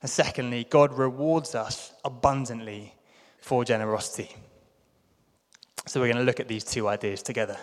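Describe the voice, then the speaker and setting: A man's voice: mid-range voice, steady tone, moderate pace, in a large hall. A man from London with a British accent preaching a sermon in a chatty, self-deprecating way. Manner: chatty, self-deprecating, puts on playful voices for quotes. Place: church hall.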